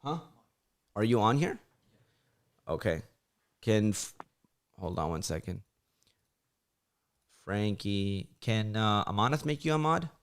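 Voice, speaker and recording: A young channel host talks loosely on a casual livestream, his voice on the low side yet animated, moving slowly with long pauses. The tone is clean. He fills his speech with "like" and acts out his friends' voices in his stories.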